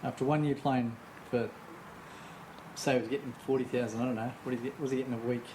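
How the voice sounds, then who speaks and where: A man's voice: medium pitch, fairly even intonation, a little hiss or hum, poor audio. A man, sharing football opinions in a casual podcast chat and often ending with tag questions. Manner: quick, musing football opinions, tags questions. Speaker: podcast co-host.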